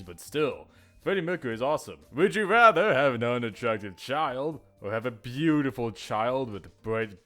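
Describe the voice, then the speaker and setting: Male host, casual self-mocking rambler with a lively, swinging voice, over soft background music. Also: medium pitch. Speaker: YouTuber host. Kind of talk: casual solo chat to viewers.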